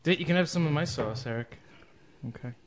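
A man's voice: on the high side, fairly quick, background noise. A man bantering and commentating on a hot sauce challenge, joking and laughing often, and phlegmy from the sauce.

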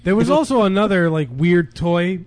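Young man from New Jersey, podcast co-host, rambling casual chat, fairly high voice. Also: expressive, moderate pace, darkish tone, no room sound. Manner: rambling, searching for words.

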